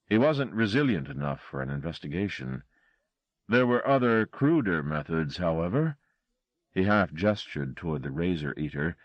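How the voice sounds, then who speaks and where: A man reading a horror audiobook with a dramatic, expressive delivery. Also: low-pitched, dry recording, dull audio. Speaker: audiobook narrator. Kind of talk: scripted horror narration.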